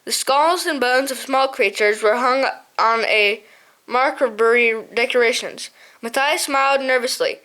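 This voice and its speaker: A woman's voice: fairly high pitch, unhurried, sharp tone. A woman reading a children's novel aloud as an audiobook narrator, often stumbling and restarting words. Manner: hesitant, frequent slips and restarts.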